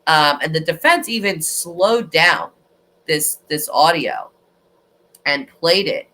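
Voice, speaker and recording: Chatty woman host rambling about a case, bright voice, jumps around a lot. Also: low-pitched, slow pace. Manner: rambling, animated, with frequent restarts. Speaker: true crime livestream host. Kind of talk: casual chat.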